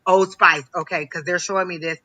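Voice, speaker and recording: A man giving a live psychic reading on a stream, talking in a halting way, repeating phrases with many ums. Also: sits high, fairly even intonation, pushed and bright, low-quality recording. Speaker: psychic reader.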